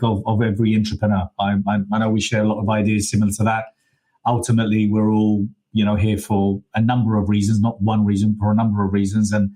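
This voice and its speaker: Low-voiced host with halting speech. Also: male voice, a little mellow, poor audio. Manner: hesitant, many restarts. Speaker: event host. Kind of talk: casual chat. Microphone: video call.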